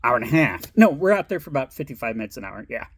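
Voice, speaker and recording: A man's voice: mid-range voice, sing-song, fast talker, fairly bright tone, breathy edge. A middle-aged man telling a personal story in a rambling, casual way, swearing and laughing as he goes. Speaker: vlogger.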